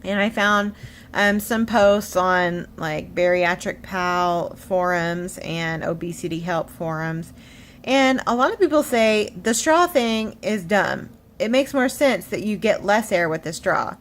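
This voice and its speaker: A woman telling a story in a casual vlog, animated and a little shaky, acting out what people said. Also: medium pitch, takes it slowly. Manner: animated storytelling, acts out quotes. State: shaky, emotional. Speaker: vlogger. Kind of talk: casual chatty vlog update.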